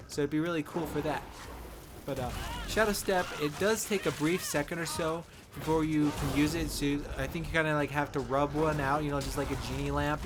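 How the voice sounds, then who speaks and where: A man's voice: fairly high pitch, noisy background. A man hosting a casual game guide, talking in a playful, rambling, jokey way. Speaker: gaming channel host.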